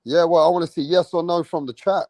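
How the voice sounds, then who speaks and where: A man hosting a casual live-stream about boxing, talking excitably and repeating himself with slang. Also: fairly high pitch, fast talker, no room sound, poor audio. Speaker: livestream boxing host.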